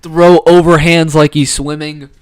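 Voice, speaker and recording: A man's voice: on the high side, level tone, a little slow, clear, resonant tone. An opinionated man chatting casually on a live sports stream, his voice sitting a bit above the usual range. He jumps between hot takes with slangy enthusiasm, close to a wired desk microphone. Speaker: host of a sports talk stream. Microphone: desk microphone with wire.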